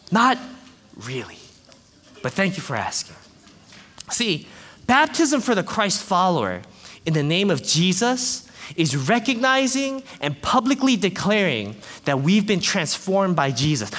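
Man, pastor, lively sermon, jokey storyteller, swooping lively pitch. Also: big-room sound. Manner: animated, jokey storytelling with playful asides. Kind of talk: lively sermon to a congregation with kids.

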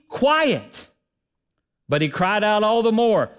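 A man preaching a sermon as pastor, emphatic and swinging between loud and soft delivery. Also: high voice, expressive, measured pace, clear, resonant tone.

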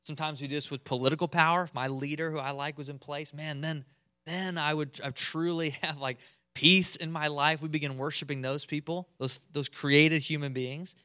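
A male pastor preaching a sermon in a conversational, animated way. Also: fairly high pitch, moderate pace, smooth, dry recording, clean studio sound. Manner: conversational, animated, chuckles often.

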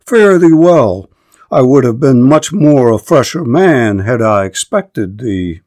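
A man's voice: medium pitch, expressive, slow, a little mellow. A man reading the part of a proud, courteous Trojan warrior prince in formal verse. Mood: bold.

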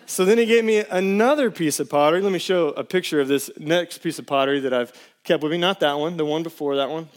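A man in his thirties preaching a sermon to his church, telling personal stories in a casual, animated way. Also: fairly high pitch, fast talker. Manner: storytelling, animated, casual slang. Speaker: pastor.

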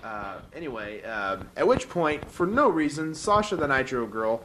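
A man's voice: moderate pace, a little hiss or hum, low-quality recording. Man animatedly recapping a movie. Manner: animated storyteller, acts out quotes in high voices. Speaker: podcast co-host. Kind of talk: casual chat recapping a movie.

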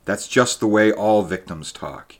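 A man voicing a grave, uneasy traveler. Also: lively intonation. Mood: scornful. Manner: slow, grave and low.

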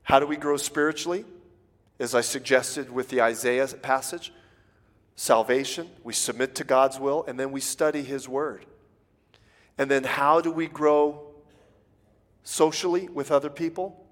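A man's voice: medium pitch, steady tone, unhurried, long pauses. A man giving a folksy sermon as a guest preacher, acting out little everyday exchanges. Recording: long hall reverb.

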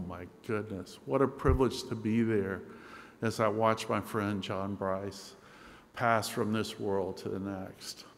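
Man, pastor, sermon, earnest storytelling, hushed at tender moments, long hall reverb. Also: lowish voice, slight background noise.

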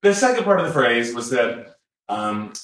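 His voice is medium in pitch, a bit bright and sing-song, moving at a moderate pace. As a podcast co-host in casual conversation, he rambles, revises what he says, and sprinkles in fillers and chuckles. The recording echoes in the room.

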